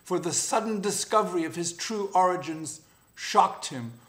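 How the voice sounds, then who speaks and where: A man narrating an animal fable in an even, unhurried storybook reading. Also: sits high.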